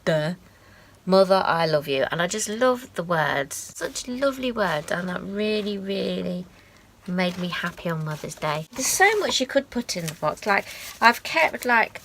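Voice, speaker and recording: A woman in her forties from the UK, chatting casually and sentimentally as she shows keepsakes to her channel, with quiet asides. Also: medium pitch, vocal fry, slight background noise. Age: 40s. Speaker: craft vlogger. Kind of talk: casual show-and-tell.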